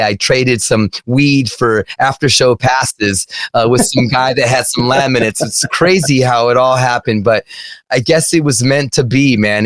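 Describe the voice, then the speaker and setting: A man in his forties from Arizona, a radio host telling a story as a guest in a casual chat, excited and swearing freely. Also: mid-range voice, no echo. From Arizona, USA. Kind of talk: casual podcast chat, anecdote.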